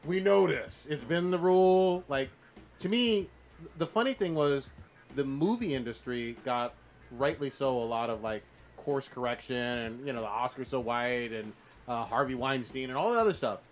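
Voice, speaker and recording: A man in his thirties in casual chat, giving wry, measured commentary. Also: mid-range voice, expressive.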